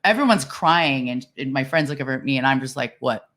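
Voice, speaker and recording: Middle aged woman, deep-ish voice, chatty podcast host who laughs a lot. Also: quick pace. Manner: animated storyteller who laughs often. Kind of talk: casual chat.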